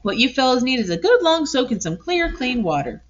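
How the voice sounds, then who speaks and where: A woman's voice: high voice, sing-song, brisk, dull audio, pitched above the performer's own voice. A woman voicing a bossy, know-it-all male duck in a storybook reading. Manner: blunt, bossy.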